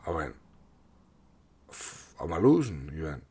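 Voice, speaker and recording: A man's voice: very deep voice, sing-song, a little slow, darkish tone, slightly rough. A young man, a professional boxer, telling his story in an interview, blunt and swearing, repeating words and acting out what others said.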